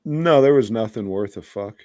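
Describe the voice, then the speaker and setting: A man's voice: fairly low pitch, lively intonation, normal speed, mellow, dry recording, studio quality. A man co-hosting a movie review podcast, rambling and joking in casual, profane banter sprinkled with "mate" slang.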